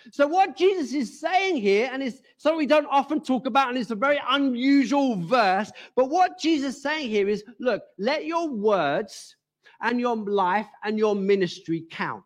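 A man's voice: very high voice, lively intonation, normal speed. A middle-aged man, a pastor, preaching a sermon and explaining scripture through rhetorical questions.

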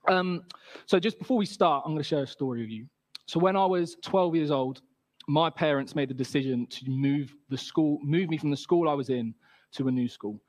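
A man's voice: a little high, normal speed. A man, giving a talk to a gathering and telling a personal story in a casual, chatty way, acting out quotes.

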